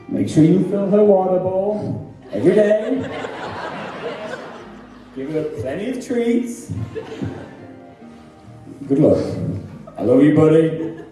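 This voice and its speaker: A man voicing a loyal male pet dog who gives a heartfelt wedding toast in a rushed, sentimental way. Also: on the high side, warm tone. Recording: echoey hall from far off, music behind.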